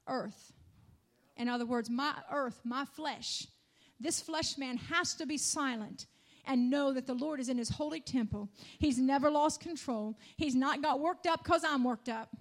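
A woman preaching a church sermon, calling out hallelujahs and asking the congregation to respond, building to emphatic declarations. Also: high-pitched. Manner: call-and-response with frequent hallelujahs.

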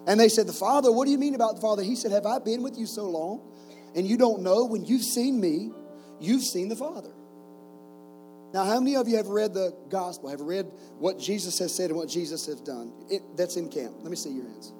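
A man's voice: high-pitched, normal speed, dark tone, soft background music, rough recording. A man in his forties preaching to a camp group, telling stories with jokes and rhetorical questions. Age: 40s. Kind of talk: sermon with stories.

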